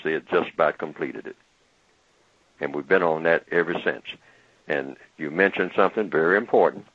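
Man lecturing in extended analogies, low voice, tinny phone-band archive sound. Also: no room sound. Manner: speaks in long, building analogies. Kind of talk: lecture-style commentary.

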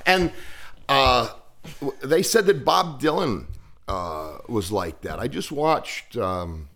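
A man's voice: mid-range voice, big pitch swings, slow pace, gravelly, fairly bright tone. A man in his fifties, a podcast guest, telling stories in a rambling, hesitant casual chat full of fillers. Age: 50s.

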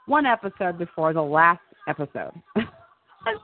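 A woman's voice: fairly low pitch, sing-song, moderate pace. A woman hosting a show, chatting casually, laughing often and repeating words as she goes. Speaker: show host. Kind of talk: casual chat about TV. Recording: tinny phone-like line, dry.

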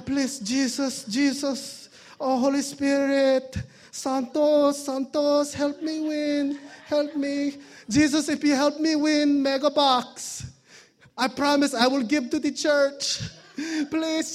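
A begging older Filipina gambler, as a male preacher puts her on. She pleads in a sing-song, pitched well above a man's range. Each appeal to heaven comes out needy and wheedling. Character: older Filipina woman begging God for a jackpot.

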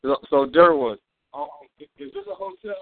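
A man co-hosts a live call-in broadcast, chatting in a rambling way full of fillers and frequent laughter while a crowd murmurs behind him. He is also the company chairman, and his slightly high voice swings hugely in pitch at a moderate pace. The audio is dry and tinny, like a phone.

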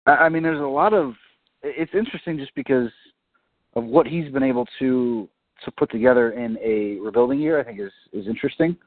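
A man's voice: mid-range voice, brisk, dry recording. Hesitant man on a dry phone line. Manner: hesitant, full of "you know". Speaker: radio show co-host. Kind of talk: casual sports talk.

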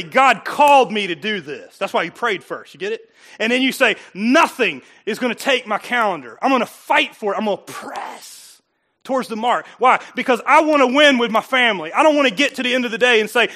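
This sermon comes from a high-voiced, bright-sounding pastor preaching in church. He keeps it conversational and punchy, throwing out rhetorical questions.

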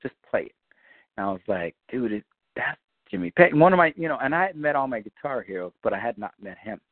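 A man's voice: medium pitch, quick pace, no room sound. A man telling a long casual story about a studio session, swearing freely and acting out the voices of the people in it. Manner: animated, profane, acts out quoted dialogue. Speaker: guest musician telling a story. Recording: tinny phone-like line, dry.

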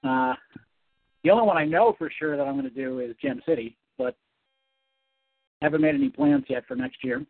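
A man, a comic book writer, talking as a guest in a casual interview, animated and rambling. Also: high voice, normal speed, vocal fry, pauses often, slightly rough, no echo. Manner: animated, rambling, self-correcting. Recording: dry, tinny phone-like sound.

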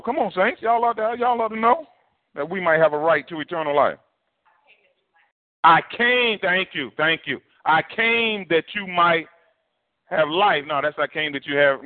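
A man's voice: a little high, no echo. Man preaching a sermon over a tinny line. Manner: conversational, animated storytelling with acted quotes. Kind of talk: storytelling sermon. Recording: dry, tinny phone-like sound.

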